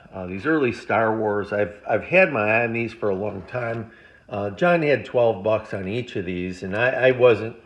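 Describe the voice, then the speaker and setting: A man with a lowish voice talks casually to his viewers as he unboxes a haul. His delivery is rambling and conversational, and he keeps talking while he flips through each item. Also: lo-fi sound. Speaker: comic collector vlogger.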